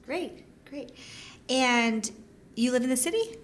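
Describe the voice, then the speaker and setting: A woman's voice: high-pitched, lively intonation, slow, slight background noise. A woman playing a struggling filmmaker, speaking in a frustrated, emphatic way. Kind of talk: comedy film acting.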